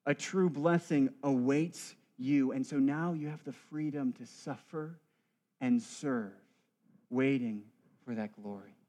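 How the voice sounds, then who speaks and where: A man's voice: mid-range voice, slow, warm tone. A male priest delivering a church sermon with rhythmic, building emphasis and wry asides.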